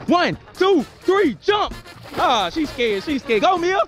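A man's voice: extremely high pitch, sing-song, slow pace. A man filming his family at a lake beach, joking and calling out to them in a casual voice. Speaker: vlogger filming a family outing. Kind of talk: casual vlog chat. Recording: outdoor video with music and crowd.

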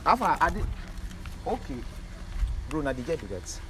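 A man's voice: a little high, very animated, moderate pace, background noise. A Nigerian man filming a street vlog, pleading and coaxing, repeating himself. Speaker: vlogger arranging a reunion. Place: outdoors by a car on a street. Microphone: handheld phone camera.

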